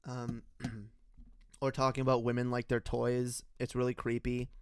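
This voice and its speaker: A man's voice: mid-range voice, monotone, unhurried, clean tone, no room sound, clean studio sound. A young man giving an unscripted, rambling commentary rant, heated and profane, addressing his viewers directly. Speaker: political commentator.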